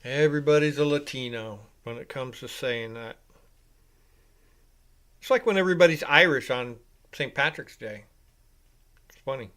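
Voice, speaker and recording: A man hosting a live reaction show, giving casual play-by-play commentary. He rambles off-topic, swears freely and gets louder and higher whenever he calls the action. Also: normal speed, pauses often, smooth. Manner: rambling and casual, with profanity, rising and louder when calling plays.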